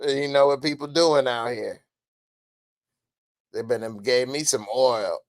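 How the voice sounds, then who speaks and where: A man hosts a podcast in loose, slangy commentary, animated and quick to laugh. His voice is gravelly and his delivery unhurried. The recording is dry and close, with no room sound. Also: mid-range voice, no room sound. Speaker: podcast host. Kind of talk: casual commentary.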